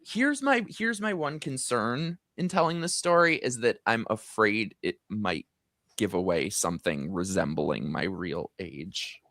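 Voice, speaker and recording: Slightly slow in delivery, a middle-aged man tells a drawn-out anecdote during a casual live stream he hosts, gossipy and chatty, with his pitch rising high in excited moments. There's no room sound, just a clean studio recording.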